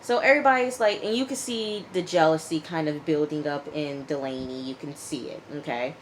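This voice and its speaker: A woman casually recapping a TV episode in a chatty, animated way, often checking in with "okay?" and acting out the people she quotes. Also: deep voice, a little fast, a little hiss or hum, rough recording. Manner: chatty, animated retelling with frequent "okay?" and fillers. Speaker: TV episode reviewer.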